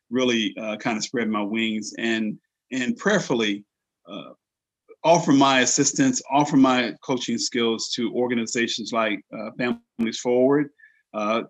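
A man hosting a radio interview show, speaking in a measured, hesitant way with many fillers. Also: mid-range voice. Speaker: radio show host, coach. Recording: dull lo-fi call audio.

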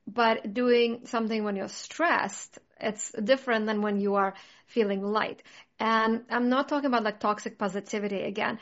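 A woman's voice: a little high, fairly even intonation, moderate pace, muffled recording. A woman in casual conversation, talking earnestly and reflectively, with many "like" fillers. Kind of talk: casual chat.

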